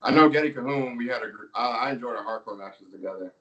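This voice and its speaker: Male pro wrestler guest, relaxed and chatty, laughs a lot, a bit off-mic. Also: medium pitch, fast talker, far from the mic, lo-fi sound. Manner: laid-back storytelling, laughs often, filler words. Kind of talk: casual interview chat.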